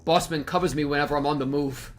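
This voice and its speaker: A man's voice: on the high side, fairly even intonation, fast talker, faint music behind, lightly acted. A man reading game dialogue aloud in a put-on British accent, voicing a cocky, flippant male sniper with a wry, clipped delivery.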